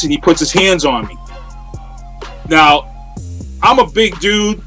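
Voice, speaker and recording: A man, a guest on an interview show, telling a story in a casual, animated way over a remote call. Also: on the high side, takes it slowly, soft background music. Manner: animated, acts out quoted voices. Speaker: interview guest, radio personality. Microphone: remote call from home.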